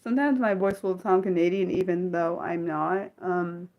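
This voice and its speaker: A woman's voice: lowish voice, fairly even intonation, moderate pace, highs cut off. Woman chatting rambly on a livestream. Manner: rambling, thinks aloud, many restarts and fillers; talks directly to viewers and asks them questions. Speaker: livestream host answering viewer chat. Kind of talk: casual unscripted livestream chat.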